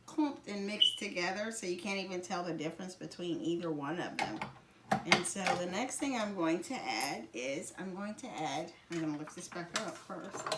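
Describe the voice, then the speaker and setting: A woman's voice: lowish voice, expressive, normal speed. A woman host with a Southern US accent gives a cooking demonstration in a home kitchen. She chats directly to her viewers and laughs often. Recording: loud mixer noise and clicks.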